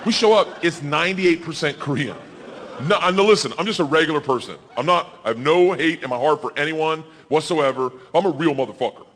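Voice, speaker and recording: A man, doing a stand-up comedy set, telling a crude story loudly and with animation. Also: a little high, fairly quick. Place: comedy club stage. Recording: live club recording with audience noise.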